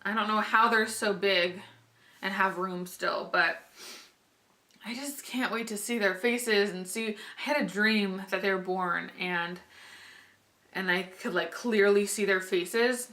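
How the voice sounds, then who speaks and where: Speaking a little slowly at medium pitch, the pregnant vlogger keeps a steady yet sharp tone. She's heavily pregnant and chats loosely to the camera, peppering her rambling with "like," false starts and giggles.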